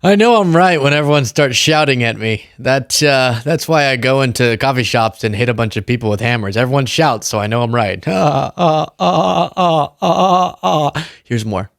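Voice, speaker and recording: A man's voice: medium pitch, brisk, few pauses, a bit bright, no room sound. A man hosting an online political commentary show, with sarcastic, joking asides into a close mic.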